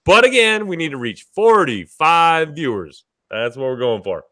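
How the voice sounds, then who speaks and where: A man hosting a live podcast, joking loudly and swearing freely in casual chat. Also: on the high side, big pitch swings, moderate pace. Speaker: podcast host.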